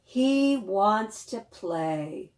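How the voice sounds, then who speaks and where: A woman librarian leading a children's storytime, reading a picture book aloud with animated questions to the young listeners. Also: mid-range voice, very slow. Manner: animated, questions to the children, gasps and sing-song.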